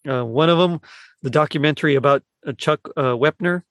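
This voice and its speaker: A man's voice: fairly high pitch, fairly bright tone, dry recording. Man, podcast host, casual movie chat, rambling, many restarts, dry close sound. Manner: rambling, halting, frequent fillers and restarts.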